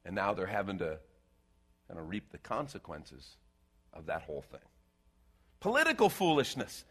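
A man preaching a conversational sermon, animated and given to sarcastic asides and quick restarts. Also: medium pitch, slightly rough. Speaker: pastor.

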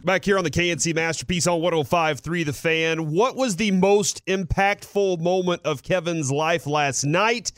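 A man hosting a sports radio show in a studio, pausing on "uh" fillers and turning animated as he retells a story. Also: fairly high pitch, no echo. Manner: halting, many "uh" fillers, animated when retelling. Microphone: studio microphone.

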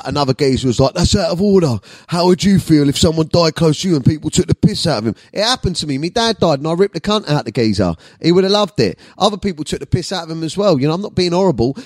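A man's voice: on the high side, no echo, clean studio sound. A man, hosting his comedy podcast in a sweary, boisterous monologue.

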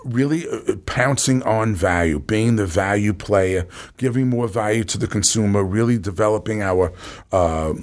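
A man's voice: lowish voice, moderate pace. New York-accented man telling stories. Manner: animated storyteller, many fillers. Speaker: company executive guest. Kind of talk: casual interview talk.

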